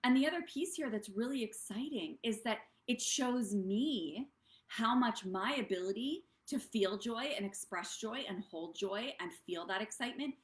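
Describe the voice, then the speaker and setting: On a live stream, a woman with a mid-range voice coaches other business owners in casual talk. She's bubbly and rambling, often drifting off track, and the sound is reverberant.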